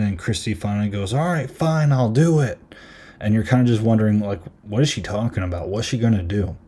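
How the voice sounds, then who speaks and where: A man's voice: lowish voice, warm tone. A man hosting a podcast, casually recapping a horror film with lots of fillers and retelling lines. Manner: chatty, lots of "like" and "um". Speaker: podcast host. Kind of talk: casual movie review recap.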